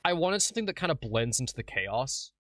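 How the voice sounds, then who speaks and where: A man's voice: mid-range voice, very animated, a little fast, far from the mic, background noise. A man hosting a stream, chatting casually and at length about how he edited his video. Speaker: video creator and stream host. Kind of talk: casual behind-the-scenes commentary.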